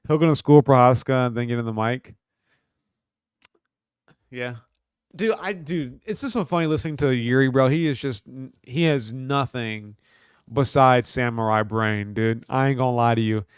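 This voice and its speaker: A man's voice: mid-range voice, normal speed, smooth, dry recording, studio quality. Profane slangy man on a livestream. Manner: talks back to chat. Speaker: livestream host. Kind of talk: casual livestream chat reading comments.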